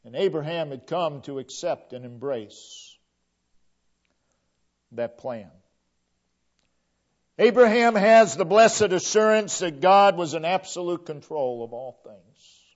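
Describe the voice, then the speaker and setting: A man with a high voice delivers a sermon at an unhurried pace, leaning hard on key words and then letting each phrase fall away almost to a whisper. The recording is dull and lo-fi. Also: lively intonation. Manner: slow, deliberate emphasis, voice sinking to a hush at phrase ends. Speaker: preacher.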